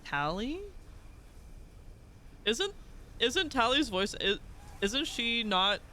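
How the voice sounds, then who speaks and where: Male streamer, high-pitched, live gameplay commentary, excitable and profane. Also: very slow, a little hiss or hum. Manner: excitable, swears freely, laughs often; chatty, rambling asides.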